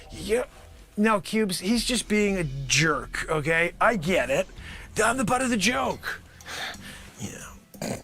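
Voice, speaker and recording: A man hosting a live improv comedy show, riffing manically and sarcastically as a pitchman, swinging from loud outbursts to mutters. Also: creaky. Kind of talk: improvised comedy bit, pitching a product to investors.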